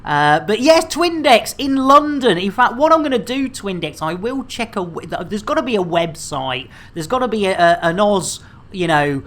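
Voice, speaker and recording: A woman in her thirties with a lowish, animated voice streams a game at a normal speed. Her casual livestream chat is rambling and jokey, and she stumbles over words with plenty of fillers.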